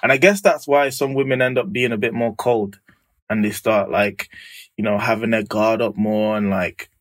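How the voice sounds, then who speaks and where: A man's voice: on the low side, moderate pace. Young guy, casual podcast chat, lots of slang, laughs a lot. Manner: slangy, laughs often, animated.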